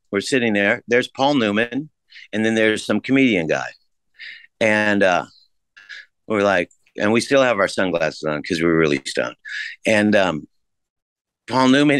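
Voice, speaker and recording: A man telling a story as a podcast guest in a casual, laid-back way, swearing freely and jumping his pitch up to act out the voices of people he quotes. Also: a bit bright, no echo. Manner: acts out quoted voices with big pitch jumps.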